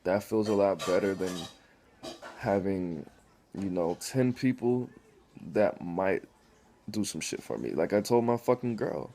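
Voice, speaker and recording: A man's voice: low-pitched, animated, unhurried, dark tone. A man talking casually to the camera in a blunt, rambling way, full of swearing, about his life. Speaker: vlogger.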